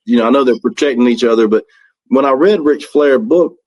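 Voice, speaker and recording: A man's voice: mid-range voice, fairly quick, darkish tone, rough recording. A man from South Carolina with a Southern accent, a musician guest on a radio interview who tells rambling stories with lots of restarts and laughs.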